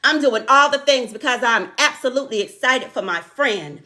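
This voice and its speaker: A middle-aged woman hosts a live talk for her online viewers. Her voice sits a little high and rings very bright as she builds her points like a sermon, repeating key lines and greeting people by name. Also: lively intonation, normal speed. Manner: warm, preacher-like, repeats lines for emphasis, calls out viewers by name.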